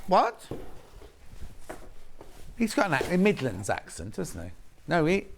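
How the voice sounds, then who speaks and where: A man's voice: a little high, wildly swooping pitch, measured pace, vocal fry, a little hiss or hum. A man presenting live on a shopping channel, chatting as he points out each fabric and reads out viewer messages. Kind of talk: live TV sales demonstration. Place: TV studio.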